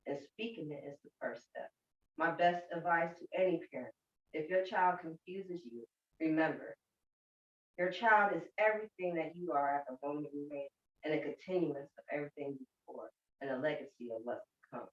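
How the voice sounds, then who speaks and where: A woman's voice: low-pitched, moderate pace. A woman, a mother, reading a heartfelt poem aloud. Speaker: guest, mother. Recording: echoey room, far from the mic, dull sound.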